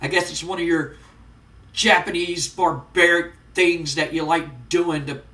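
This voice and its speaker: A man's voice: a little high, fairly even intonation, unhurried, bright, forceful tone, distant mic. A man voicing an arrogant male pro wrestler who cuts a contemptuous, insulting promo. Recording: roomy, off-mic.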